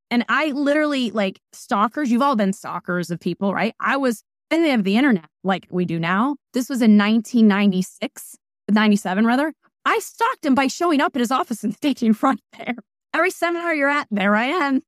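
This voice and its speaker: Animated woman with a dry, close sound. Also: a little high, brisk, dry recording. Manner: emphatic and animated, jumping between asides. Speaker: guest, wellness practitioner. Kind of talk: casual interview talk.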